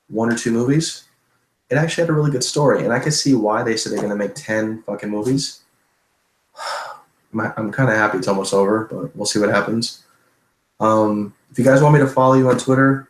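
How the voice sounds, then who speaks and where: A man's voice: lowish voice, echoey room, rough recording. A man streamer answering viewer questions in a loose, profane, chatty way. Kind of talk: casual livestream Q&A.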